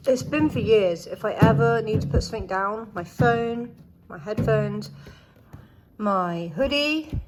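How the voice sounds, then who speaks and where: A woman's voice: mid-range voice, unhurried, loud music behind the voice. A young woman chatting casually to camera in a vlog, candid and chatty with frequent swearing, while in pain. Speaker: vlogger.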